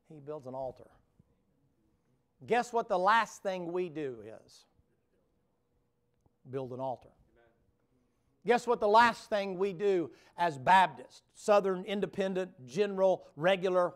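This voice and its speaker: A man preaching at a revival in a church. He talks in a homespun, joking way, then builds to fervent preaching in front of the congregation. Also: sits high. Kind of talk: folksy revival sermon. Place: church sanctuary before a congregation.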